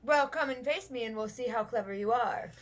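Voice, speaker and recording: A woman's voice: fairly high pitch, a little fast, lightly acted. A woman voicing a tiny, boastful rat who has turned into a rat man in a tabletop game. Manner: boastful, blustering.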